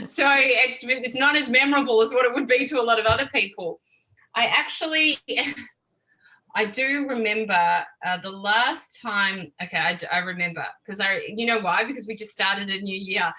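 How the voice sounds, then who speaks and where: Bright-voiced woman guest. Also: a little high, normal speed, poor audio. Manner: emotional, openly expressive, laughs easily. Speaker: podcast guest. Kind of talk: casual interview chat.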